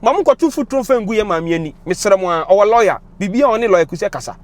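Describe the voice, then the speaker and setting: Racing along in a high, expressive voice, this young man from Ghana speaks with a Ghanaian accent. His commentary to camera is passionate and emotional, moving back and forth between Twi and English.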